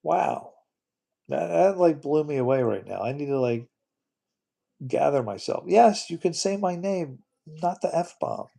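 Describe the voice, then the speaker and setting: A man's voice: a little high, animated, a little slow, vocal fry, warm tone. A man hosting a casual livestream, rambling and repeating his words, often breaking into disbelieving exclamations. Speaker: livestream host.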